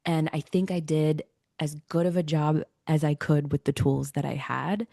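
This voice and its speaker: A woman's voice: low-pitched, fairly even intonation, moderate pace, vocal fry, dark tone, dry recording, studio quality. A woman hosting a podcast interview, speaking in a thoughtful, empathetic way. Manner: thoughtful, empathetic, relating to her own experience. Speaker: podcast host. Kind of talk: casual interview chat.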